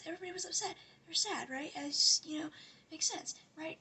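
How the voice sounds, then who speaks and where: A woman's voice: sits high, expressive, rapid-fire, bright, forceful tone, slight background noise. A woman giving a casual, rambling rant as a commentary vlogger, sarcastic and often dropping to a whisper.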